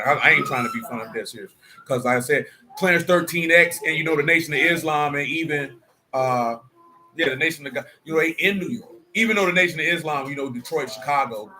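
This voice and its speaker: Preaching man with a bright voice. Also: on the high side, fast. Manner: conversational, streetwise preaching with rhetorical questions. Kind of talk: sermon mixed with casual asides.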